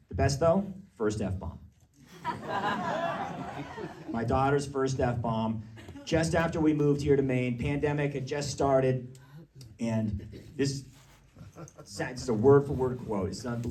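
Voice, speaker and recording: A man doing a stand-up comedy set, telling stories in a lively, animated way with quick asides, recorded live on a stage mic. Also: medium pitch. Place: small live comedy venue. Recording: distant live room recording with crowd. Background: audience laughter.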